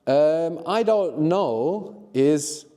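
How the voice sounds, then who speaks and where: A middle-aged man teaching a live workshop, encouraging the learners and often checking in with a quick "no?". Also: a little high, animated, dark tone, long reverb tail. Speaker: language teacher.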